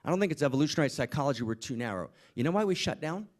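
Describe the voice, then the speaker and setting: A man's voice: on the high side, animated, very fast. A man giving an impassioned inspirational talk to a summit audience, full of rhetorical questions and repeated "right?". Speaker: speaker at a summit. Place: conference room with audience.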